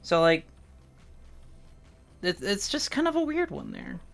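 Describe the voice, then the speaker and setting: A man's voice: high voice, wildly swooping pitch, unhurried, creaky, a bit bright, soft background music. A man with a Midwestern American accent chatting casually on a livestream, musing and playful. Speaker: streamer.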